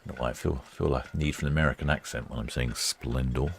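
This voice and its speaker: Man, very low voice, easygoing live commentary, rambling, lots of ums and uhs. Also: fast, gravelly, a little hiss or hum. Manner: chatty, rambling, with many fillers. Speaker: ship-watching livestream host.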